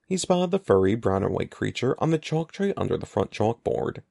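A man narrating an audiobook in an expressive, lively storytelling manner. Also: lowish voice, brisk, creaky, few pauses, no room sound, studio quality. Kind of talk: scripted narration.

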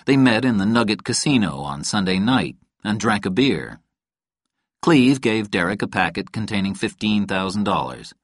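In clean studio sound with no room sound, a man narrates a novel for an audiobook. The scripted reading is calm and even, delivered in a lowish voice at a moderate pace.

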